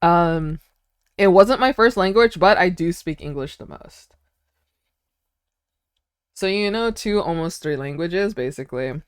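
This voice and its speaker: Talking a little slowly and pausing often, a young woman streamer chats casually with her viewers and responds to their chat, giggly and full of fillers. She has an American accent and is a first-language Vietnamese speaker. Her voice is lowish, clear and resonant with lively intonation, on a dry, clean studio recording.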